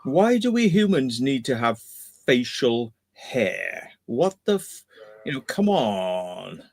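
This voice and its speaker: A man's voice: medium pitch, sing-song, takes it slowly, no echo. A man hosting a casual livestream, rambling and swearing freely as he chats and reads out viewer comments. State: kidney stone trouble. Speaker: livestream host.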